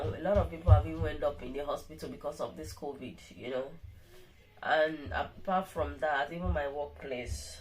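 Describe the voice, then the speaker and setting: A woman's voice: low voice, a little mellow, slight background noise, poor audio. A middle-aged woman talking casually to her viewers while weak and tired from illness, rambling and restarting her sentences often. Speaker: vlogger. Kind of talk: casual vlog monologue.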